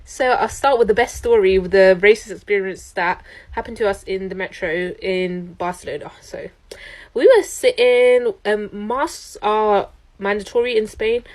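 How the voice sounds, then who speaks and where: A young woman, telling a storytime to camera in an animated, indignant way. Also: mid-range voice, moderate pace. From London, UK. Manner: animated, indignant, quotes people in voices.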